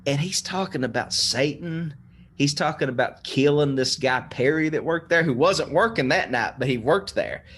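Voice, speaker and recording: Lively animated male storyteller. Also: on the high side, moderate pace. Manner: animated, swearing, laughing storyteller. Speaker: podcast guest. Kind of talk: casual storytelling.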